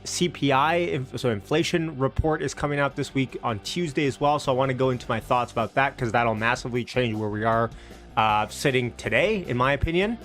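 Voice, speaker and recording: A man's voice: mid-range voice, brisk, fairly bright tone, faint music behind. A man hosting a casual stock market livestream, upbeat and chatty, greeting viewers from the chat with loose restarts.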